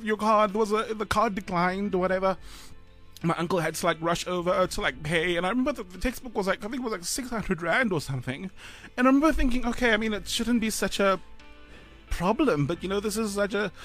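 A South African man in his thirties, a radio co-host, telling a personal story in a halting, choked-up way with sighs and fillers. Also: high voice, fairly bright tone. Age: 30s.

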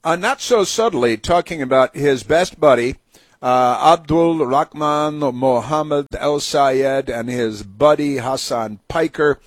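A man hosting a talk show delivers a sarcastic, indignant monologue. His voice is husky and the sound is dry and close. He stops and restarts often, with many fillers. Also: medium pitch, slow pace, dry recording. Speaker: radio talk host. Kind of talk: opinionated talk radio monologue.

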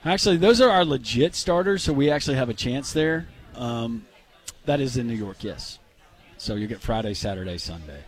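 Lively joking male radio co-host. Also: medium pitch, moderate pace. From Minnesota. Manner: joking, teasing. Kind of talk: casual sports radio chat.

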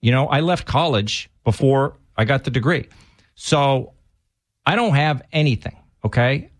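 A man's voice: mid-range voice, a little slow, no room sound, clean studio sound. A man with a Massachusetts accent, co-hosting a casual chat and telling long, rambling stories full of restarts. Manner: rambling storyteller, many restarts.

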